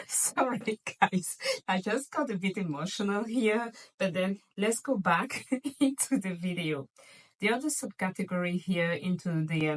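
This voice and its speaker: A woman's voice: lowish voice, distant mic, poor audio. A woman vlogger chatting casually and playfully to her viewers about luxury shopping, gushing over items. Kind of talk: casual chatty haul video.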